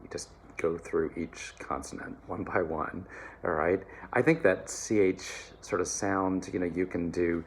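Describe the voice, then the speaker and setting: A man teaching German pronunciation to singers, relaxed and encouraging, often checking in with "all right?" and slowly modeling words. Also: sits low, a little hiss or hum. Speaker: choir diction coach. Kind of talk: German diction lesson for singers.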